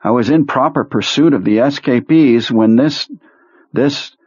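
A man's voice: medium pitch, a little slow, darkish tone, breathy edge, no room sound, muffled recording, voice pushed up. A man voicing a flustered male soldier protesting his innocence in an audiobook. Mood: defensive. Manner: defensive, whiny protests.

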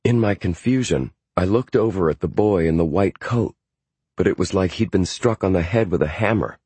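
A man narrating a novel in the first person in a measured way. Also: sits low, warm tone, slightly rough, no room sound. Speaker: audiobook narrator. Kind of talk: scripted narration.

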